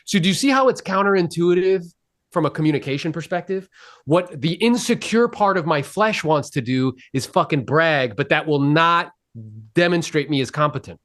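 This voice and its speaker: A man coaching real estate agents on a video call, energetic and blunt, swearing freely and quizzing his listeners. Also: a little high, moderate pace. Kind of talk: live sales coaching session.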